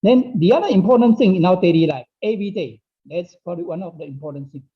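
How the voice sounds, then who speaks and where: This man speaks fast, with a high-pitched, expressive voice, leading an online Dao study class in his second language, English. His phrasing is non-native; he repeats phrases and keeps asking his listeners "okay?". The audio is dull and lo-fi.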